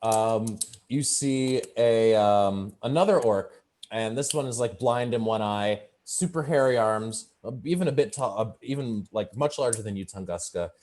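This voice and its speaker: A man's voice: fairly low pitch, normal speed, darkish tone. A man narrating as game master in a loose, rambling way with lots of fillers.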